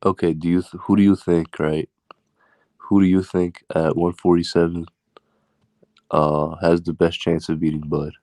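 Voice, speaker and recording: Very deep, flat-voiced man, hesitant. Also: normal speed, no room sound. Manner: hesitant, lots of likes and restarts. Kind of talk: casual boxing debate.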